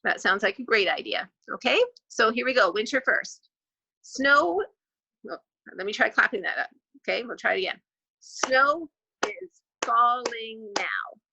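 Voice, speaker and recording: Bright, gravelly-voiced woman teacher. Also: mid-range voice, poor audio. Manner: clapping out syllables slowly and clearly. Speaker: grade two teacher. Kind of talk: online class lesson.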